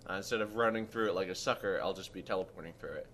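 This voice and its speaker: Relaxed man commentating a speedrun. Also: low voice, racing, a little hiss or hum. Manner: relaxed, explains game mechanics, eats while talking. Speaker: speedrunner commentating his own run. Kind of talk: casual game commentary.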